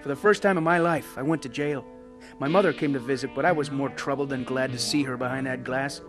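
A man's voice: mid-range voice, fairly quick, over music, natural voice. An actor playing a blunt, streetwise young ex-gang member who narrates his own story in a radio drama. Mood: reflective.

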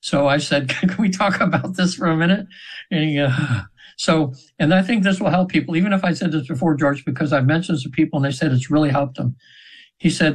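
A spiritual practitioner in his seventies, appearing on a radio show, rambles earnestly through a long story with plenty of fillers and restarts. His voice is a little high, and the radio interview is captured in low quality.

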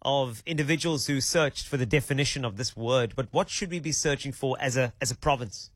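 A man's voice: medium pitch, a little fast, dry recording. A South African man hosting a radio talk show, chatty and playful in a studio. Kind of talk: casual radio chat.

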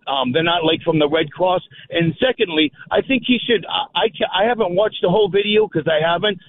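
A man's voice: high-pitched, slight background noise. Agitated male caller on a tinny phone line. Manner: halting, full of fillers and restarts, agitated. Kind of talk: call-in on talk radio.

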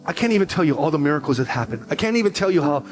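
A man's voice: on the high side, very animated, rapid-fire, faint music behind. A middle-aged man preaching a sermon as pastor, telling stories animatedly and repeating phrases for emphasis.

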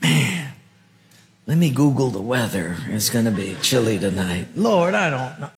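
A man's voice: medium pitch, very animated, unhurried, in a large hall. A man voicing a young male shepherd who pleads and argues with exasperated bargaining. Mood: protesting.

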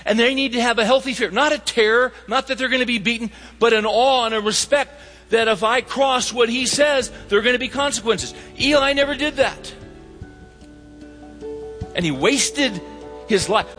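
A man's voice: very high-pitched, moderate pace, bright, forceful tone, in a large hall, faint music behind. A man preaching a sermon, reading scripture and telling stories with emphatic quoted dialogue.

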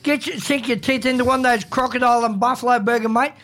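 A man's voice: extremely high pitch, fairly even intonation, quick pace, a bit bright. An Australian man bantering on a radio show, blokey and blustering, with "mate" at the end of nearly every line. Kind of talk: casual banter.

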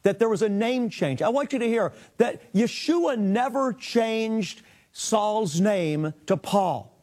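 A man's voice: high voice, lively intonation, slow pace, darkish tone. A man teaching a sermon, reading scripture aloud and explaining it with earnest emphasis. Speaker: rabbi and Bible teacher.

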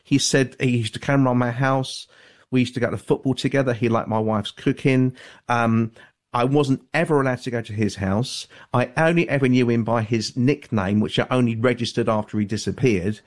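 A man speaking as an author and guest on a call-in radio show, measured and hedging, with many fillers and restarts. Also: mid-range voice.

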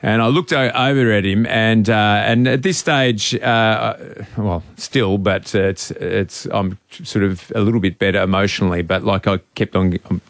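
Man, radio host, low voice, dry close studio sound, halting rambling storyteller. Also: fairly even intonation, no echo. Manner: rambling, halting, sentimental anecdote teller. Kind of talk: casual storytelling on air.

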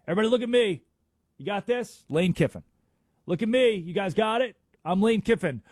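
A flippant, showboating football coach who demands that everyone watch him, as a radio host puts him on. His voice is husky and jumps around in pitch. The sound is dry and close. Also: animated, brisk, a little mellow, no echo. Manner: attention-seeking, flippant. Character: showboating male college football coach, fickle. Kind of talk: mocking impression on sports radio.

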